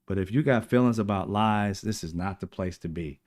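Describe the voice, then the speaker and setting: A man hosting his own political livestream, speaking in a fairly low voice. He rants emphatically in a casual tone. He slips into mocking put-on voices when quoting the people he criticizes. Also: a little fast, darkish tone. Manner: fired-up, emphatic, mocking impressions of opponents. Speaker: political commentary show host.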